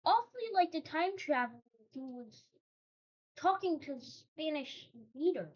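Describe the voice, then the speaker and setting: A woman's voice: sits high, expressive, measured pace, a little mellow. A woman host telling a made-up history story in a casual, rambling way, breaking off into joking asides. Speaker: channel host. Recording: dull lo-fi recording.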